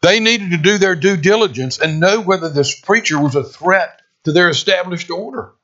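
A man preaching a sermon, expressive, with dramatic pauses and emphatic quoted lines. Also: sits high. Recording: dull lo-fi sound.

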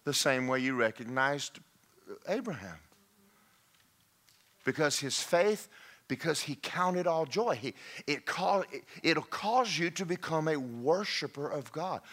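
Animated preacher man, bright voice. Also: on the high side, measured pace. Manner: animated, shouting and laughing, mocking voices. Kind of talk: sermon.

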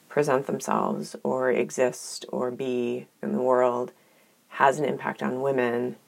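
Low gravelly-voiced woman, thoughtful podcast co-host. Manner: thoughtful, earnest, measured. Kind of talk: reflective casual conversation.

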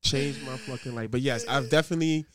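A man co-hosting a podcast, telling stories in a profane, animated, casual way. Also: medium pitch, fast talker, a crowd in the background. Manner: profane, animated storytelling with quoted voices. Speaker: podcast co-host. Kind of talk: casual chat.

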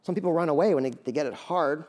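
A male pastor preaching in an easygoing, conversational way, with quick jokes and asides. His voice sits high for a man and swings between loud emphasis and quiet, soft passages. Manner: conversational and animated, jokey asides. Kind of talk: sermon.

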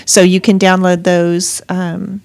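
Woman, podcast co-host, casual chat, slow and unhurried, somewhat low voice, dry close sound. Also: level tone, creaky, a little mellow, dry recording. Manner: unhurried, rambling, searches for words.

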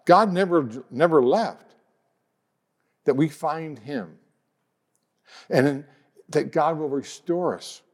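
A man preaching a sermon in an earnest way, reading scripture slowly and softly. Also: fairly high pitch. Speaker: pastor.

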